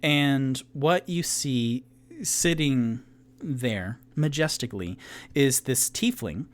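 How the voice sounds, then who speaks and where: Slow, relaxed male game master. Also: mid-range voice. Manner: relaxed and descriptive, with casual fillers. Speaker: game master and solo player. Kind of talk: narrating a tabletop game.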